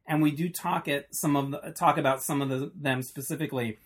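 A man's voice: a little high, steady tone, a little fast. A man hosting a podcast interview, chatty and enthusiastic, with frequent ums. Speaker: podcast host.

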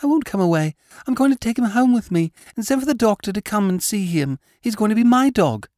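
A man voicing a well-dressed small boy who insists on keeping a dog, in a high childlike tone. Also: lively intonation, fairly quick, a little mellow, no echo, clean studio sound. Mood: insistent. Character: small rich boy, stubborn and tearful.

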